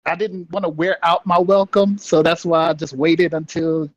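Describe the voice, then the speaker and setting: A man's voice: a little high, level tone, normal speed, dry recording, lo-fi sound. A man guesting on a podcast in casual chat, laid-back and a bit hesitant, joking around.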